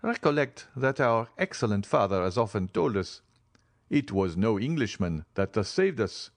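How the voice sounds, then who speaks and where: A male audiobook reader voicing an earnest young man who speaks in a steady, sincere way. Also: fairly low pitch, moderate pace, no room sound. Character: earnest young man recalling his father. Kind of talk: audiobook character reading.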